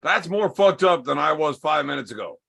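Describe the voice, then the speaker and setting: A man with a bright, gravelly voice hosts a loose, casual chat. He teases his guest in a dry, deadpan manner, asking mock-serious questions. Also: a little high, fairly quick. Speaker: podcast host.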